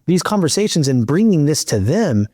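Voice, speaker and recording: A man's voice: fairly high pitch, moderate pace, no room sound. A middle-aged man hosting a podcast, telling a long story in a casual chat and acting out the dialogue. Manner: animated, acts out dialogue in his storytelling. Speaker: podcast host.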